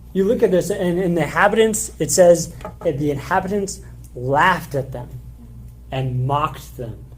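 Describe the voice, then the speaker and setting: A man's voice: on the high side, a little mellow, low-quality recording. A man preaching a sermon in a church, reading scripture aloud and explaining it in a loose, conversational way. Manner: conversational, casual filler words; reads scripture passages aloud. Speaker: pastor.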